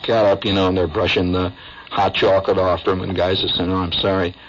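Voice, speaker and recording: A man's voice: deep voice, little pitch movement, fairly quick, very noisy. A man telling a rambling, wry comic story as a radio host. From United States. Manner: rambling, conversational, wry, full of asides. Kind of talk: improvised comic storytelling monologue. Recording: dull lo-fi 1970s AM radio aircheck.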